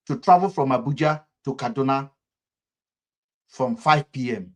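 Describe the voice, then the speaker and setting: A man's voice: medium pitch, a little slow. Fervent Nigerian man ranting. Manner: fervent, repetitive, sharp swings in loudness. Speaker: political commentator. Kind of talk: impassioned political commentary.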